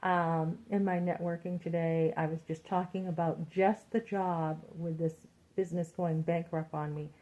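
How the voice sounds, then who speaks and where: A woman's voice: lowish voice, flat delivery, moderate pace, few pauses, dark tone. A middle-aged woman giving a chatty, encouraging talk to other women, retelling her conversations as she goes. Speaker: Christian women's vlogger. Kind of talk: casual motivational talk. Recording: muffled lo-fi sound.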